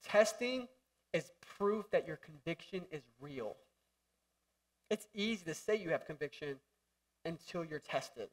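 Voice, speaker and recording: A young man preaching a lively, jokey sermon in a church hall, acting out voices and shouting for emphasis. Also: a little high, unhurried, long pauses, recorded from a distance. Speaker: pastor.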